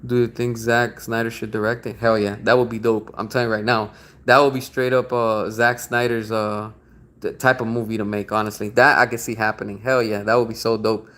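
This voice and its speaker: Slangy, excitable young man streaming live. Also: on the low side, brisk. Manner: slangy, excitable, swears freely. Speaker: livestream host. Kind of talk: casual livestream chat reading viewer comments.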